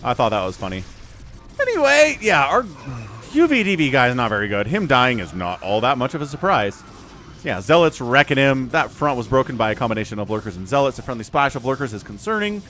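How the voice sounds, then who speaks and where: A man's voice: medium pitch, sing-song, fairly quick, fairly bright tone, slight background noise. An American man giving casual, joking livestream commentary on a strategy game and chatting with viewers. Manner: chatty, joking, reads chat aloud.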